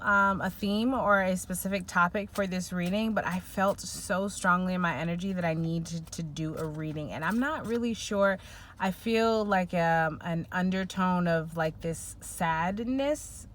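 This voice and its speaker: A woman's voice: lowish voice, a bit bright, a little hiss or hum. A woman giving a casual spoken tarot reading, rambling and giggly, full of fillers. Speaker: tarot reader.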